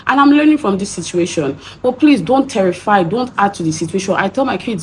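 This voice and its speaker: A young woman with a Nigerian accent talks fast, with few pauses, a medium pitch and lively intonation. In her chatty vlog she narrates a story and acts out the voices she quotes. Slight background noise can be heard.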